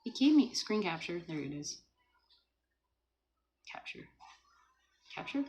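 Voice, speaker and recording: A woman hosting a casual livestream from home, chatting, laughing often and reading viewer comments aloud, and talking gently to a small child beside her. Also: fairly low pitch, big pitch swings, slow, highs cut off. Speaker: livestream host.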